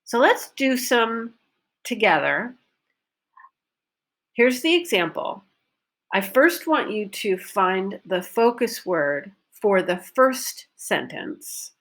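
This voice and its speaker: A woman teaching a pronunciation lesson, modelling sentences and stressing focus words deliberately. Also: medium pitch, sing-song, fairly bright tone. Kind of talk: recorded online lesson.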